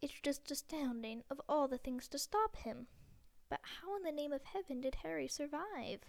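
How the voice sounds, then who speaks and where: A woman's voice: high-pitched, lively intonation, normal speed, vocal fry, voice pushed up. Woman reading as a trembling old witch professor. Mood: shaken. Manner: trembling, pleading, half-whispered. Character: stern older female witch professor, anxious.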